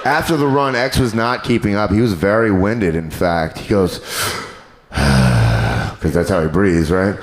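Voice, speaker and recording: A man doing a stand-up comedy set on a club stage, animated and crude in his delivery. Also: deep voice, measured pace, slight background noise. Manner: animated, crude, jumps into character voices.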